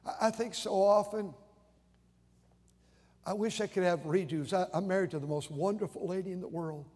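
A man's voice: sits high, normal speed, darkish tone, husky. An older man preaching a sermon in a conversational, storytelling way, often stammering and repeating his starts. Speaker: pastor. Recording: long hall reverb.

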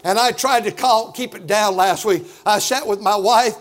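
A middle-aged man preaching a fiery sermon as pastor, loud and boisterous, building to shouts. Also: high-pitched, moderate pace.

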